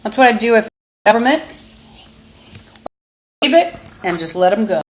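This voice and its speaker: A woman host rambling in a live-stream monologue into a phone camera, halting with many fillers and breaking into angry, insulting outbursts. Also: a little high, very animated, a little hiss or hum, low-quality recording.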